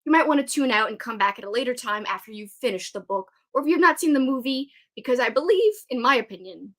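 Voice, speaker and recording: A woman's voice: on the high side, expressive, quick pace, a bit bright. A young woman hosting a casual live stream, chatty and giggly as she talks with her guest. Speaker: host.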